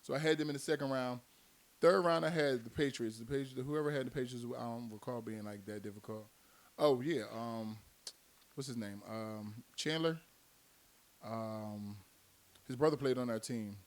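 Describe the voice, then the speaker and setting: A man's voice: mid-range voice, moderate pace. A man, a former football player, telling long rambling stories in casual chat, laughing often between his points. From Miami, United States. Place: recording studio.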